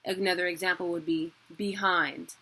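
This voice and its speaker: A woman's voice: fairly low pitch, fairly even intonation, moderate pace, sharp tone, breathy edge. A young woman giving a casual, chatty online lesson, laughing at herself as she explains. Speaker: teacher.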